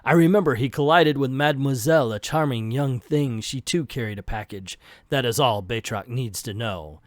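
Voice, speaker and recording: A man's voice: mid-range voice, moderate pace, no echo, studio quality, close to an everyday voice. A man reading the lines of a boastful French villain fighter in a grandiose, formal way, dropping the French accent he admits he cannot do.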